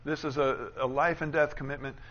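A man preaching a sermon as pastor, building to loud, emphatic declarations and dropping into quick conversational asides. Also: mid-range voice, fairly even intonation, lo-fi sound.

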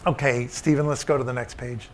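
A man's voice: medium pitch, steady tone, brisk, a little hiss or hum. A middle-aged man preaching a sermon, telling a childhood story and repeating short emphatic refrains.

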